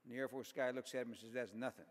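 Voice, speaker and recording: A man's voice: medium pitch, fairly even intonation, racing. A middle-aged man telling folksy, self-deprecating jokes as an after-dinner speaker at a banquet. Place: large banquet hall. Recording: long hall reverb.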